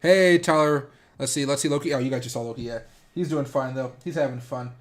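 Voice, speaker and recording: A man's voice: mid-range voice, fairly even intonation, fast talker, a little mellow. A man hosting a livestream, chatting casually with viewers in a rambling way full of filler words. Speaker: livestream host.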